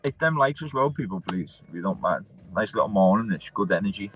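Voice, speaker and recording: A man's voice: lowish voice, expressive, a little fast, dull audio. A man hosting a livestream, chatting casually and bluntly, swearing and calling everyone lad. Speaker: livestream host.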